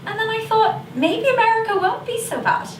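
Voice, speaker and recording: A woman's voice: very high-pitched, animated, moderate pace. A woman performing a monologue as an Irish teenage schoolgirl who is sheepish yet defiant, speaking in a chatty, confessional way with an Irish accent. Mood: gossipy. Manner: chatty, confessional, slips into gossipy asides. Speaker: stage actor performing a monologue. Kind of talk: theatrical monologue. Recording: echoey room, distant mic, noisy video call.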